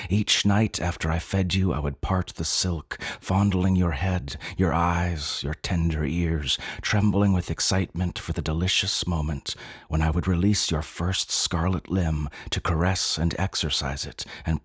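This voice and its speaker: Deep husky man narrating darkly. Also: dry recording, studio quality. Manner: intense, brooding, slow and deliberate. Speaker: story narrator. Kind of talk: dramatic audiobook narration.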